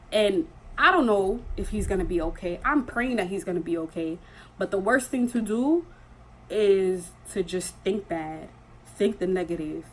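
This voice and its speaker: Young woman vlogging, earnest and emphatic, lowish voice, faint noise behind. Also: poor audio. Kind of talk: casual storytelling.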